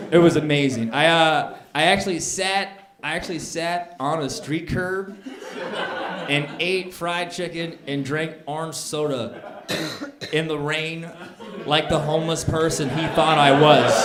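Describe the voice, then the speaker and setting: A man performing a stand-up comedy set, telling stories in an animated way and jumping up high when he acts out scenes. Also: heavy background noise. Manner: animated storytelling, jumps to high excited pitch when acting out scenes. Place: comedy club stage before a laughing audience. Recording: echoey club room with crowd laughter.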